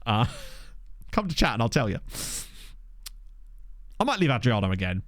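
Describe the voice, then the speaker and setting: Brief: young male streamer from England, animated pitch, dry close desk mic, chatty live commentary over gameplay. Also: moderate pace, no room sound. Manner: chatty, answers chat, lively pitch swings. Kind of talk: casual chat while playing. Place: home streaming setup. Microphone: desk microphone.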